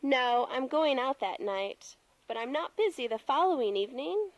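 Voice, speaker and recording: A woman voicing a friendly caller in a textbook audio dialogue, speaking clearly and politely. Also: sits high, animated, moderate pace, dry recording, poor audio.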